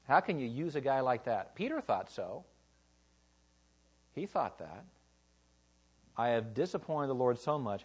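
A male preacher delivering a sermon in a storytelling way. He lifts his voice for quoted lines and bold moments, then sinks low and quiet for the somber parts.

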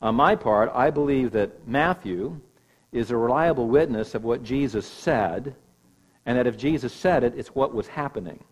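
Man, pastor, sermon, emphatic teaching voice, mid pitch. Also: normal speed, breathy edge, poor audio.

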